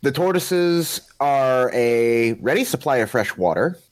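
A man co-hosting a casual podcast panel chat, telling a story in a lively way. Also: mid-range voice, unhurried. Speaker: podcast co-host.

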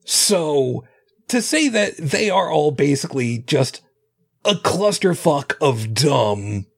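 A tired man co-hosts a late-night podcast, reading aloud with a lively, swooping delivery. His voice is gravelly and a little husky, and his words slur slightly with fatigue. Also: sits high. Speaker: podcast co-host. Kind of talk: casual chat, reading aloud.

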